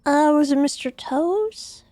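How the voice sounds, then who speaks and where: Young woman, friendly instructor role-play, hesitant fillers, higher voice. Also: animated, slow pace, warm tone, no room sound. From Washington state, USA. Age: 20s. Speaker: driving school instructor in a role-play game. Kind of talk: in-character role-play chat.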